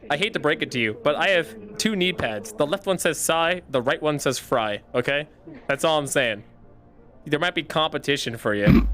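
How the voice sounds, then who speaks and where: Bright-voiced man, casual profane streamer. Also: on the high side. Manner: profane, joking, shouts in bursts.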